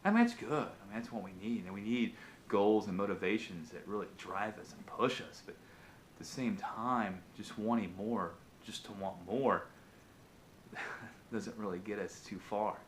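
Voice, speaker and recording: A man vlogging, telling a motivational fable in an animated, casual way with frequent restarts. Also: lowish voice, moderate pace, slight background noise. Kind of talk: motivational storytelling.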